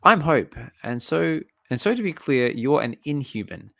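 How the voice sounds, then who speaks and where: Man reading young mutant heroine, calm, mid-pitched, lightly lifted, dry room. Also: moderate pace, vocal fry, no room sound. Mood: explaining. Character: young woman mutant hero, calm and explaining.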